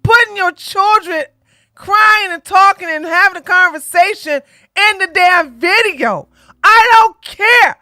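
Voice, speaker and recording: Sassy woman streamer ranting, high bouncy voice, bright and dry. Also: a little slow, no room sound, faint music behind. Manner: blunt, sassy, loud rants with laughter. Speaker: commentary streamer. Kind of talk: reaction commentary on a clip.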